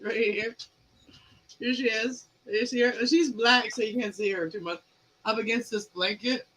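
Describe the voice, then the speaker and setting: A woman hosts a casual live stream over a webcam. She talks in loose, run-on chat and laughs often, with a bright, clear voice. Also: on the high side, moderate pace, rough recording. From Canada.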